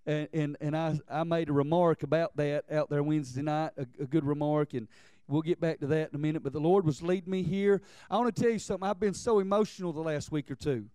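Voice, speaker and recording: A man's voice: on the high side, fairly even intonation, fast talker, warm tone, clear, resonant tone, no room sound. A man of about forty, preaching a sermon earnestly, often restarting his words and building in intensity. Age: 40s. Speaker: pastor.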